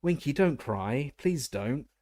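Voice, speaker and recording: A man's voice: medium pitch, animated, slow pace, darkish tone, voice pushed up. A man voicing a kind, principled young schoolgirl in a storybook reading, speaking earnestly. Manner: earnest, pleading.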